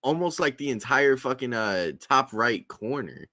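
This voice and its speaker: A young man chatting casually with friends, blunt and excitable. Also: medium pitch, measured pace. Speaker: friend in group chat. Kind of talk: casual chat.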